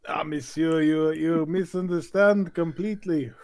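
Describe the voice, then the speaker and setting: A man's voice: on the high side, fairly even intonation, measured pace, darkish tone. A man role-playing a courtly character in a tabletop game, stammering and mock-polite. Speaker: player.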